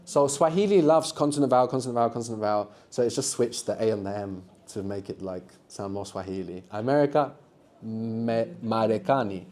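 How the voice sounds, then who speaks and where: A man's voice: on the low side, fairly quick, darkish tone. A man teaching a live beginners' language workshop, patiently explaining and prompting students to answer.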